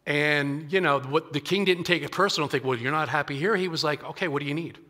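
A male pastor gives a conversational sermon, often restarting phrases and slipping into the voices of scripture figures. His voice sits a little high and sounds bright and forward. The sound carries the long reverb of a church sanctuary. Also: fast. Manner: conversational preaching with frequent restarts and acted-out quotes.

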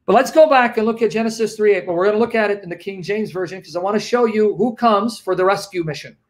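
Emphatic high-voiced man teaching scripture. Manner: emphatic, repeats key phrases slowly. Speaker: guest Christian apologist. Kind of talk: livestream Bible teaching.

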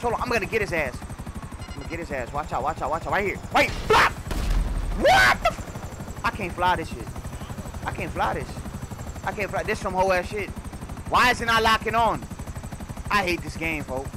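Loud, animated slangy man gaming. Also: sits high, noisy background. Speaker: gaming YouTuber. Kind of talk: casual gameplay commentary.

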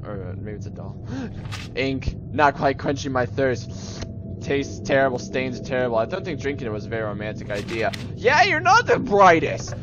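A man's voice: mid-range voice, normal speed, lo-fi sound. A young man giving rambling, jokey commentary while playing a horror game, slipping into playful silly voices. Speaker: gaming YouTuber. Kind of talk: casual let's-play commentary. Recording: music playing underneath.

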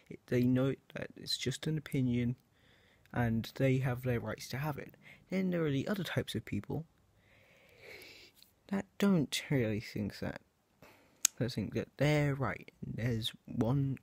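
This young video creator's monologue to camera is halting and meandering, full of self-corrections and fillers like "um" and "like." He's a teenage male with a medium pitch, some vocal fry, a slightly mellow tone, and a dry recording.

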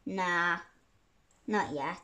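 A young girl chatting through her gameplay, giggly and quick to say sorry. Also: on the low side, sharp tone. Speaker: gaming YouTuber. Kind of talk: casual gameplay commentary.

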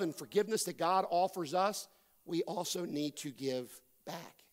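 An American pastor delivers a sermon in a church sanctuary. His voice sits very high for a man. He builds to emphatic peaks, then sinks to a quiet hush to drive a point home. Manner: preaching with rising emphasis and dramatic drops to a hush.

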